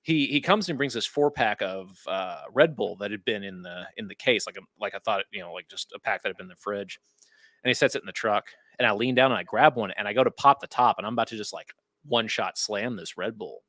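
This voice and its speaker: A man co-hosting a podcast, telling a story in an animated and profane way in casual chat. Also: lowish voice, brisk, no room sound. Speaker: podcast co-host.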